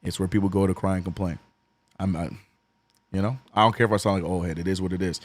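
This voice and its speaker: Hoarse New Orleans streamer, man, dry close mic, hyped game calls that fall to mumbled chat. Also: fast, no room sound. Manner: swings from excited calls to low, mumbled chat with viewers. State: voice cracking. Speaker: streamer doing fan play-by-play. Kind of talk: watch-along play-by-play and chat.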